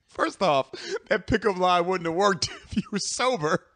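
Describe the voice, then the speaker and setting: A man's voice: sits high, expressive, unhurried, fairly bright tone. A man hosting a casual podcast, cracking crude jokes and laughing along. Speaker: podcast host. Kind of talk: casual banter.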